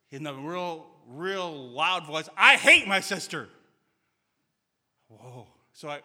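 A man's voice: on the high side, bright, forceful tone, long reverb tail. A man preaching a sermon in a church sanctuary, earnest and telling stories with quoted dialogue.

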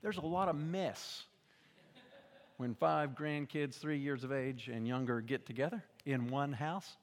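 An older man preaching a sermon as a pastor, with dramatic swings from hushed, quiet lines to loud shouting. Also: mid-range voice, unhurried, big-room sound.

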